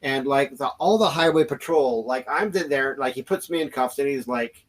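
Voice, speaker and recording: A man's voice: mid-range voice, normal speed, slight background noise, low-quality recording. A man hosting a podcast, telling a story casually with lots of restarts and fillers. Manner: rambling, many restarts and fillers, acts out quoted voices. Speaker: podcast host.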